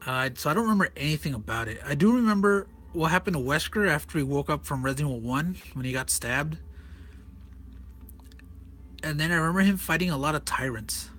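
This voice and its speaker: A man's voice: on the high side, animated, brisk, fairly bright tone. A man casually walking through a comic, enthusiastic and rambling, often correcting himself. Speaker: comic reviewer.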